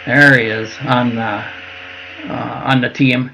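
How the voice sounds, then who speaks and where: A man's voice: medium pitch, fairly even intonation, takes it slowly, creaky, bright, forceful tone, slight background noise, low-quality recording. An older man from Minnesota telling long stories as an interview guest, with lots of fillers and restarts. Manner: rambling with frequent fillers and restarts. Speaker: guest, veteran. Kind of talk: casual storytelling interview.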